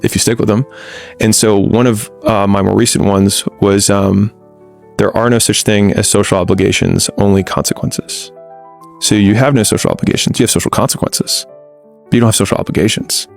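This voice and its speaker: Blunt podcast guest, low creaky male voice, candid and conversational. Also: steady tone, fairly quick, soft background music. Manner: blunt, frank, with frequent restarts.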